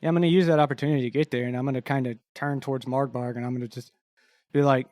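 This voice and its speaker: A man playing in a tabletop game, talking casually and quickly about his character's moves. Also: medium pitch, fairly even intonation, darkish tone, dry recording, studio quality. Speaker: player.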